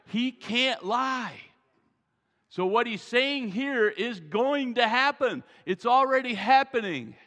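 Brief: male pastor, high bright voice, gravelly edge, folksy sermon in a reverberant hall. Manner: animated, folksy, joking asides. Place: church sanctuary. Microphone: wearing a mic.

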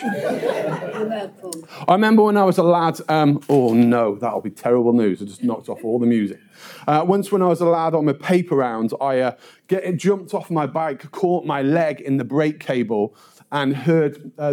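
A man preaching a sermon, telling a story with lively put-on voices of the people in it. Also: fairly high pitch. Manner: animated, puts on voices of people in his story.

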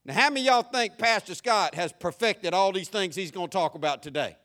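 A male pastor preaching a sermon, animated, moving from soft asides to shouts. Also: high voice, fairly quick.

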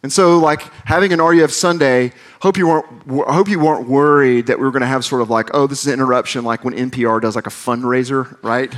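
A Southern American man in his forties, a campus minister, delivers a conversational sermon full of stories and self-deprecating humor. His medium-pitched voice stays steady as he talks quickly, rarely pausing.

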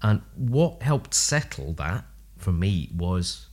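A man's voice: deep voice, slow pace. A man, a speech and language therapist, telling personal anecdotes with humor as a guest in a podcast interview. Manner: warm, humorous anecdotal storytelling with lively asides. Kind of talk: casual storytelling interview.

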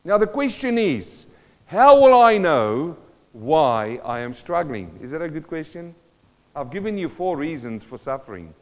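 High-voiced preacher in a reverberant hall. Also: male voice, sing-song, a little slow. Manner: emphatic preaching with repeated phrases and rhetorical questions. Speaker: pastor. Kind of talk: sermon. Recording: dull sound with long hall reverb.

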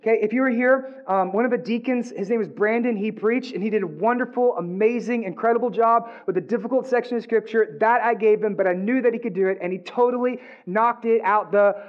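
A male pastor delivers a lively, joking sermon full of asides to the congregation. His voice sits very high for a man. The recording sounds dull and a little muffled. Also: a little fast, few pauses. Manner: animated, jokey preaching with asides to the congregation.

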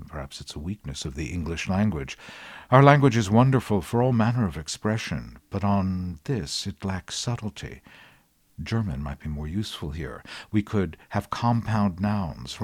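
A man in his sixties, from the United States, hosting his podcast with dry, wry, measured commentary. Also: low voice, a little mellow, no room sound. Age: 60s. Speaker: podcast host. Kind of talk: scripted commentary.

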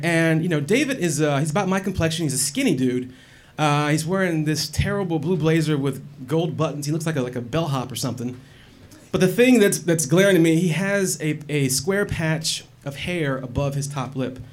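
A man telling a personal story in a wry, animated and profane way. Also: a little high. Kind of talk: personal story told to an audience.

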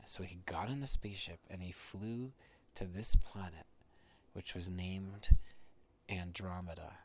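A man telling a bedtime story to his children in a low, unhurried voice. He talks softly and often drops to a half-whisper, pausing between phrases. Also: fairly even intonation, slight background noise.

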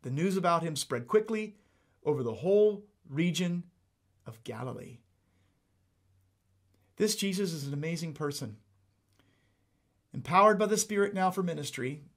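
A man preaching a sermon, emphatic and animated, repeating points for emphasis. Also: a little high, normal speed, pauses often. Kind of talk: sermon teaching.

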